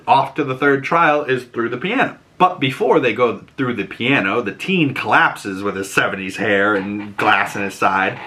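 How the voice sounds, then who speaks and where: A man's voice: medium pitch, sharp tone. A man hosting a casual episode recap, chatty and loose, telling the story with lots of fillers. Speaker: host reviewing a TV episode.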